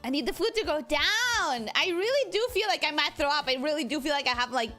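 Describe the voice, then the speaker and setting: A young woman streaming as a VTuber, chatting casually and greeting each viewer with a repeated welcome, her throat feeling full after a rushed meal. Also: high-pitched, expressive, bright, forceful tone. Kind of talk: casual livestream chat. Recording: faint music behind the voice.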